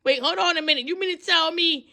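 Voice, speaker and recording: A woman in her thirties giving a loud, profane, animated pep talk as a tarot reader, acting out voices as she goes. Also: very high voice, fast talker, gravelly.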